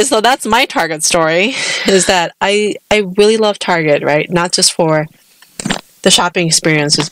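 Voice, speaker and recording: A woman's voice: lowish voice, noisy background. An American woman in her thirties, a podcast co-host telling a long personal story in casual chat, with frequent restarts. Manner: chatty storytelling, many restarts.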